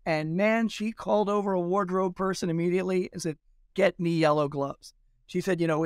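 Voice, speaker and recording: Smooth-voiced man telling stories. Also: on the high side, no room sound, clean studio sound. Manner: lively anecdotes with quoted dialogue. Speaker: historian. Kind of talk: storytelling in an interview.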